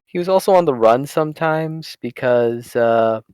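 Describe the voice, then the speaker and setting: A man narrating as game master in a tabletop game over voice chat, halting and full of fillers. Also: mid-range voice, a crowd in the background. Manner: halting, many fillers and restarts.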